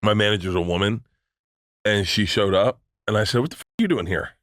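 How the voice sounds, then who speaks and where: A man's voice: lowish voice, fairly quick, a bit bright, no room sound. Middle-aged man, podcast guest, rambling story, acts out quoted voices, swears, dry close studio sound. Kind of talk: casual storytelling chat.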